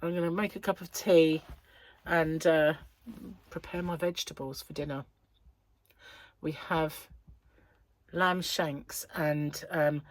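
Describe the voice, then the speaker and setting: A woman's voice: low-pitched, no echo. A woman hosting a casual vlog, chatty and rambling, laughing at her own jokes, with a slightly stuffy nose. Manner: chatty, rambling, self-mocking, laughs often. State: stuffy nose, about to sneeze. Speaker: crochet vlogger, host. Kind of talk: casual chat to camera.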